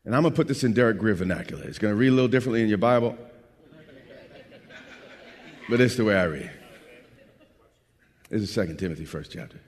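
A middle-aged man preaches a sermon in a church sanctuary, his husky voice carrying a long hall reverb. His pitch swings widely, from low, hushed passages up to high, shouted peaks. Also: lively intonation, rapid-fire. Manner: building from low, quiet delivery to loud, shouted preaching. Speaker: pastor.

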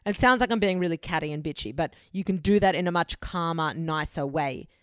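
A woman's voice: on the low side, a little fast, clear, resonant tone, no echo, studio quality. A young woman hosting a solo advice podcast, speaking bluntly and frankly, with casual swearing. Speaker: podcast host.

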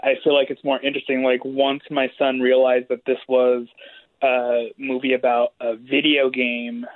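A man's voice: medium pitch, moderate pace, no room sound. A man, father of a ten-year-old, chatting casually on a podcast panel, rambling with lots of fillers. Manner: relaxed, rambling with many fillers. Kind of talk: casual chat. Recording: tinny phone-like line.

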